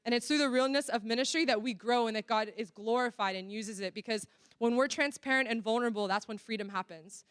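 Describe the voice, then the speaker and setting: A woman's voice: on the high side, fast, clean tone, no room sound, clean studio sound. A woman giving an earnest, candid church workshop talk, full of casual fillers. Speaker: workshop speaker. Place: church venue.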